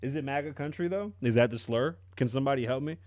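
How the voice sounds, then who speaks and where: A man in a mid-pitched voice delivers crude, sarcastic commentary on a news story. He fires off mocking rhetorical questions. The sound is dry and close, with no room echo. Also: fast talker, a little mellow. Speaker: commentary vlogger.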